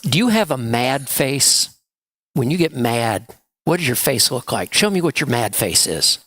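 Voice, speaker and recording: A man's voice: medium pitch, very animated, unhurried, a bit bright, no echo. A man leading a children's story time in church, asking the children playful questions. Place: church sanctuary.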